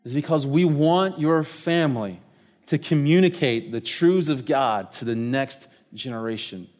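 A middle-aged man, preaching a sermon in an animated, storytelling way. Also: medium pitch, measured pace. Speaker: pastor.

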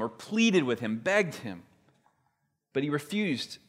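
A man's voice: mid-range voice, expressive, normal speed, long pauses. A man preaching a sermon as a pastor, retelling a story in a conversational, emphatic way.

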